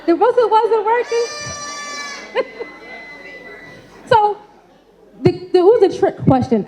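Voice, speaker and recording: A woman's voice: high-pitched, phone-quality sound. A woman giving an interactive live talk, coaxing the crowd with casual call-and-response and frequent "right?" tags. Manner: colloquial, folksy phrasing. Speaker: speaker giving a talk on mental health. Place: event stage before a live audience.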